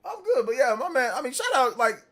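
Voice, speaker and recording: A man hosting a live stream, telling stories in a casual, animated and slangy way. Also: very high voice, fast talker. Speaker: streamer host. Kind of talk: casual livestream chat.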